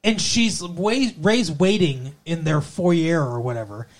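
A podcast co-host picks apart a TV episode in casual, rambling chat, opinionated and swearing freely. The voice sits at a middling pitch, with plain everyday delivery. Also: slow. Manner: opinionated, profane, loose rambling.

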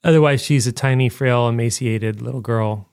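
Animated man rambling through a film review. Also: medium pitch, moderate pace, vocal fry, clean tone, dry recording, clean studio sound. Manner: rambling, animated, frequent "like" fillers. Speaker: podcast co-host. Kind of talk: casual film review chat.

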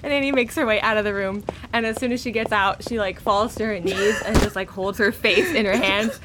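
A woman playing a tabletop game, describing her character's actions with lively energy. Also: mid-range voice, brisk, background noise. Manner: lively, laughing. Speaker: player. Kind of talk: casual tabletop play.

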